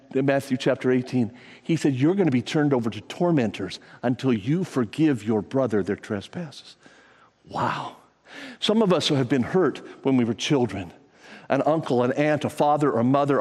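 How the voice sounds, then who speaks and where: A man preaching a sermon as a pastor, talking to the congregation in a conversational way and acting out scripture stories with lively energy. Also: mid-range voice, breathy edge. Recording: long reverb of a large hall.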